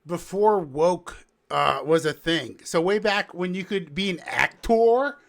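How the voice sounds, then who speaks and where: Higher-pitched man ranting on a podcast. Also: takes it slowly, vocal fry, fairly bright tone. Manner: joking, rambling, emphatic. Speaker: podcast co-host. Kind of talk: casual chat.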